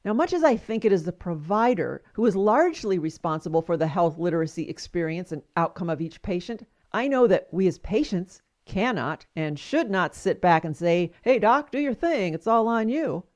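A woman's voice: lowish voice, expressive, normal speed, hardly any pauses, darkish tone. Woman, podcast host, scripted commentary, wry, emphatic.

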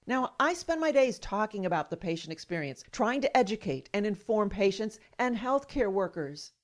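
A woman's voice: mid-range voice, sing-song, normal speed. Lady telling her own story, wry and a bit indignant, talks straight to you. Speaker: patient advocate. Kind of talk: personal storytelling.

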